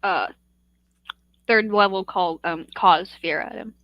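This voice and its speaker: A woman playing in a tabletop game, talking in a halting, hesitant way. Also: medium pitch, no echo, dull audio. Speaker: player. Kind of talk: casual tabletop play.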